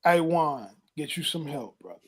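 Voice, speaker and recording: A man hosting a casual show as a coach, laughing and giving folksy, loud advice. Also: a little high, expressive, normal speed. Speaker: host and coach.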